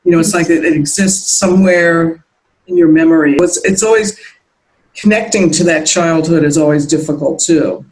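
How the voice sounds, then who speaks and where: A woman's voice: lowish voice, moderate pace, darkish tone, poor audio. A middle-aged American woman being interviewed as a guest, talking in a reflective, meandering way with many restarts. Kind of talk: casual interview chat.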